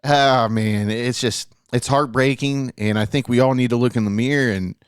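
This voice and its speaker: A man co-hosts a casual podcast on a studio mic, his mid-range voice steady and clean at a moderate pace, with studio quality and no room sound. He talks earnestly and rambles, swearing a lot and trailing off into fillers.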